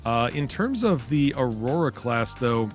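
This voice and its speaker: A man's voice: medium pitch, big pitch swings, unhurried, soft background music. A man giving live commentary on an online spaceship race, chatty and upbeat with plenty of fillers.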